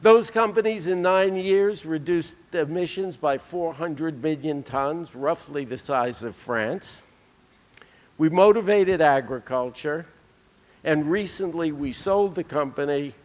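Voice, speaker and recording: A man's voice: fairly high pitch, slow. A man delivering a conference keynote, telling anecdotes with dry humor. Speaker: keynote speaker. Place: conference hall. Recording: reverberant lecture hall.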